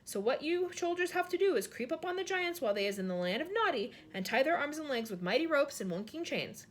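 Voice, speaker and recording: A woman's voice: high voice, very animated, quick pace, pitched above the performer's own voice. A woman voicing a friendly male giant who mangles his words, reading aloud from a storybook. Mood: cheerful. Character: big friendly male giant, jumbled grammar.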